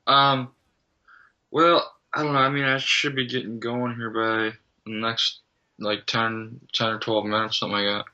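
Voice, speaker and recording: A man chatting casually as a podcast guest, hesitant with lots of pauses and fillers. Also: medium pitch, level tone, sharp tone. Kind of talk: casual chat. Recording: dull lo-fi audio.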